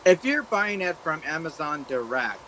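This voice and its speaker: A man's voice: on the high side, big pitch swings, normal speed, a bit bright, slight background noise, rough recording. A man in casual group chat, explaining things patiently with frequent fillers.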